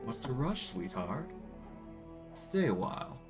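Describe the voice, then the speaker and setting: A man's voice: mid-range voice, sing-song, takes it slowly, music in the background, voice pushed up. A man reading aloud the lines of a cocky, teasing mercenary woman in a game.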